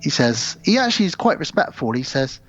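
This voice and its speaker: A man's voice: a little high, very animated, brisk, fairly bright tone. Guy on a podcast retelling a movie plot, does the characters' lines, kinda muffled sound. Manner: retells a film scene by scene, acting out the characters' lines. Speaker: podcast co-host. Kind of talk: casual film chat. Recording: dull, muffled podcast audio.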